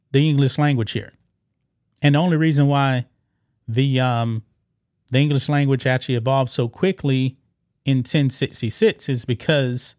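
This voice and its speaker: A man's voice: mid-range voice, a little mellow, no echo, studio quality. A man hosting a casual commentary video, reading an article aloud and reacting with disbelief, rambling with fillers and restarts.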